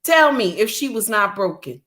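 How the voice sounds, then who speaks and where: A woman's voice: medium pitch, very animated, normal speed, a bit bright. A middle-aged woman, delivering an indignant, preachy ranting monologue full of repetition. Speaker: commentator.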